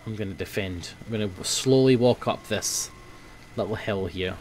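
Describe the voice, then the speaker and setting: A young man giving casual gameplay commentary, swearing often and grumbling at his team, quick to flare up. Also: on the low side, a little mellow, slight background noise. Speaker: gaming video host.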